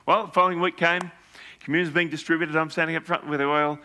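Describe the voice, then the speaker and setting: A male pastor preaching through lively, animated stories. His voice sits a little high and sounds bright and forceful. He slips into the people he quotes as he tells each story. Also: fast talker. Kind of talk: storytelling sermon.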